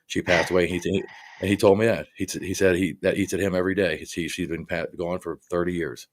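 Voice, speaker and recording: Deep-voiced man talking earnestly. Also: steady tone, no room sound. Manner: earnest, halting with repeated "you know". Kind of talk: casual conversation.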